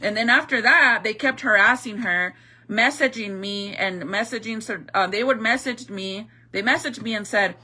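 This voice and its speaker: Bright-voiced woman on an angry rant. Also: medium pitch, moderate pace. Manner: heated, profane, slangy. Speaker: vlogger telling a personal story.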